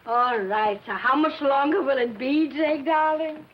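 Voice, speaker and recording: A coaxing, placating housewife. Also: female voice, high voice, unhurried. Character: soothing, fussing middle-aged housewife. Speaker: wife and homemaker in a sitcom. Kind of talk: 1950s TV sitcom acting. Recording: dull lo-fi 1950s TV sound.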